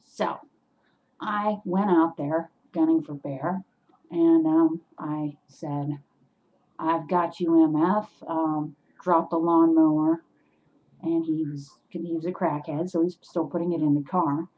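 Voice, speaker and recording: A woman telling an animated story to her webcam at home, getting loud and worked up as she goes. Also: low-pitched, takes it slowly, husky, phone-quality sound. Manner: animated, swings into loud agitated retelling. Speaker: vlogger.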